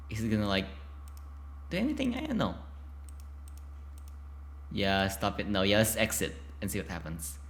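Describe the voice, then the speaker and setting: A man playing through a text game, reading its passages aloud between excitable, chatty reactions full of restarts. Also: on the low side. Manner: excitable, chatty, many filler likes and restarts. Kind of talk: casual game playthrough with read-aloud text.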